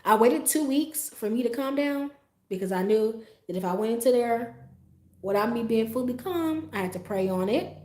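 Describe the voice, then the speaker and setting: A woman hosting a livestream, telling a story in a casual, profane, animated way, with frequent asides to her viewers. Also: fairly high pitch, moderate pace. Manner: animated, profane, acts out her own reactions. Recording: roomy echo.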